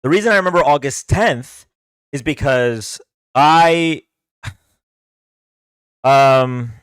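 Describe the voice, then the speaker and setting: Rambling male streamer, smooth dry voice. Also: medium pitch, lively intonation, takes it slowly, dry recording. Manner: rambling, filler-heavy, with frequent restarts. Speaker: livestream host. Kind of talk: casual storytelling.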